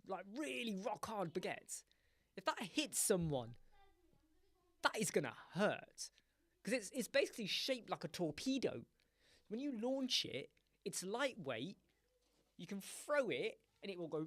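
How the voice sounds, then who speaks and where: Man, livestream host, playful and rambling, very lively pitch, dry close sound. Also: dry recording. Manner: playful, rambling, joking with chat viewers. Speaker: web design live stream host. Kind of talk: casual live stream chat.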